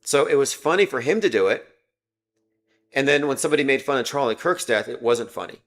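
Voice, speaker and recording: A man's voice: medium pitch, animated, a little fast, a bit bright. A man hosting a livestream, talking in a rambling, sarcastic way and reading viewer comments aloud between his points. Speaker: livestream host.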